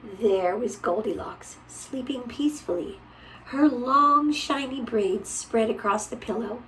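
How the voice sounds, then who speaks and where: A woman reading a picture book aloud to a child, gentle and often dropping to a whisper. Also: fairly high pitch, takes it slowly, recorded from a distance, slight background noise, rough recording.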